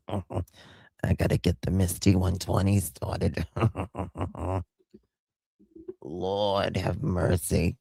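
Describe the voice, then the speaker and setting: A man's voice: low voice, level tone, extremely slow, vocal fry, long pauses, mellow, husky, dry recording. An American man hosting a livestream, chatting casually and affectionately with viewers, thanking them by name and laughing often. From United States. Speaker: livestream host. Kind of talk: casual chat reading viewer comments.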